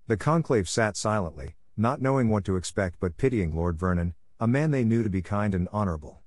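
A man with a lowish voice reads a fantasy audiobook in an even, measured way. The recording is dry, with clean studio sound.

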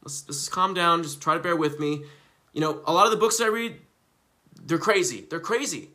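A young man talking casually on a live stream, animated and profane, rambling and repeating himself, jumping from loud bursts to hushed asides. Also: a little high, fairly quick. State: coughing from recently quitting smoking.

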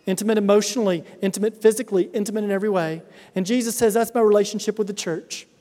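High-voiced pastor preaching in an echoing hall. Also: male voice, fairly even intonation, very fast, dark tone. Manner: earnest preaching with emphatic repetition. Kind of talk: sermon. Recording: reverberant hall sound.

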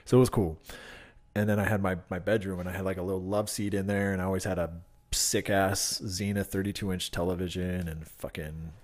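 A man casually telling stories from his youth, loose and profane, slipping into loud high voices when he quotes people. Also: flat delivery, a little fast. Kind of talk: casual storytelling.

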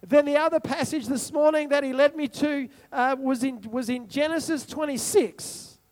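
A man's voice: very high-pitched, normal speed. A man preaching a sermon, repeating phrases and putting questions to the congregation. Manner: repetitive rhetorical preaching, asks the congregation questions. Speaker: pastor.

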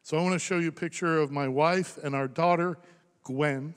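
A man in his thirties preaching a sermon as pastor, impassioned, rising to loud emphasis and dropping to hushed near-whispers. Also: on the high side, fairly even intonation, normal speed, clear, resonant tone. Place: church sanctuary. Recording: long reverb of a large hall.

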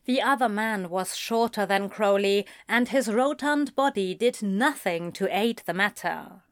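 Slow, measured woman narrator. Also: medium pitch, no room sound, clean studio sound. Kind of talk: fan fiction audiobook reading.

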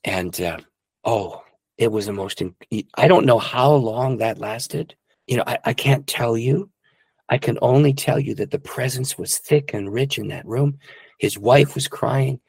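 A man's voice: mid-range voice, unhurried, creaky, breathy edge, no echo. A middle-aged male pastor telling a personal testimony in an earnest, emotional way. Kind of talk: testimony storytelling.

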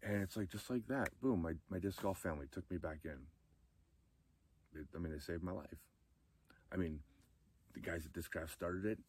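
A man's voice: low voice, normal speed, pauses often, a little mellow, slight background noise. A man telling his own life story candidly and emotionally, close to tears at times. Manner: emotional, candid, acts out quoted friends in a raised voice. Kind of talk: personal storytelling talk.

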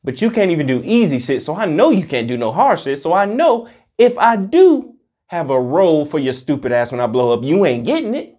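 A vlogger delivering a heated, profane monologue that swings between loud outbursts and muttered asides. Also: medium pitch, big pitch swings, brisk. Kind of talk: ranting monologue to camera.

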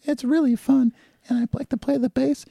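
A man putting on a high, goofy impression of a famous male wrestler, mocking and sing-song. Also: flat delivery, moderate pace, gravelly, warm tone, no echo, clean studio sound, exaggerated voice.

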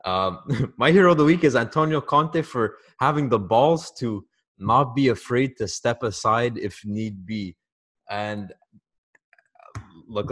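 A man's voice: lowish voice, a bit bright. Sarcastic, chatty podcast guy. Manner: chatty, with many "like" fillers and sarcasm. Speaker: podcast co-host. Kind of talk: casual sports podcast chat.

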